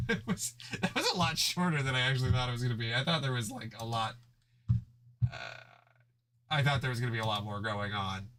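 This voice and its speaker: A man's voice: medium pitch, a little fast, pauses often, bright, forceful tone, slight background noise. A man reading a comic aloud, chatting casually with amused asides. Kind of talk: casual chat.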